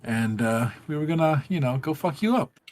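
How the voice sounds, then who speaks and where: A man's voice: on the high side, lively intonation, moderate pace, a little mellow, lightly acted. A man voicing a gloating, dying male world serpent in a casual, offhand retelling.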